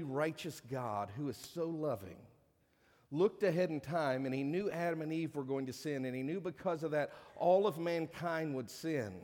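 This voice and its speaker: A man pastor delivering a sermon, rising to emphatic peaks and dropping to hushed lines. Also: a little high. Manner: preaching with swelling emphasis and hushed drops. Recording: long reverb of a large hall.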